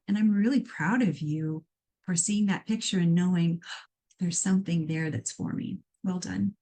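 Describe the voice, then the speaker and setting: A middle-aged woman from Iowa hosts a live call-in show, reading out listeners' questions and answering them as a psychic medium. Her voice sits in an ordinary middle pitch. She talks in a chatty, animated way and keeps breaking off into playful asides.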